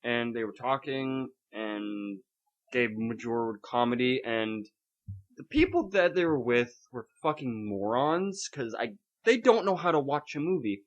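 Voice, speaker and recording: A man's voice: mid-range voice, a little slow, highs cut off. A man hosting a podcast, ranting about a night at the movies in casual chat and swearing freely. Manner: ranting, swearing, animated storytelling. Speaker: podcast host.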